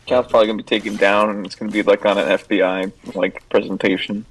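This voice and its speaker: A man's voice: on the low side, flat delivery, fast, a little hiss or hum, rough recording. A young man chatting as a guest during a gameplay session, teasing his co-host with dry jokes. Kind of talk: casual gameplay banter.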